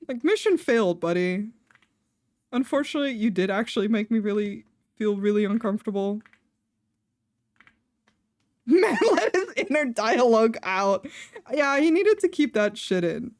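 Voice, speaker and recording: A woman's voice: on the high side, sing-song, normal speed, pauses often, a little mellow, dry recording, studio quality. A young adult woman streamer telling a personal story in a chatty way, full of fillers and laughing between lines. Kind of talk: casual storytelling on a live stream.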